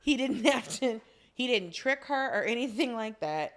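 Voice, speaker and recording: Brief: woman podcast co-host, playful chatty asides, slightly high voice with very lively intonation. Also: normal speed. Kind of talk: casual chat.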